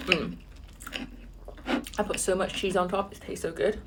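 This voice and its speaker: Animated woman telling a story over dinner. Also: slight background noise. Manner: animated, exasperated retelling with sudden high-pitched outbursts; pauses to savor food with soft murmurs. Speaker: vlogger. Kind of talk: casual storytelling while eating.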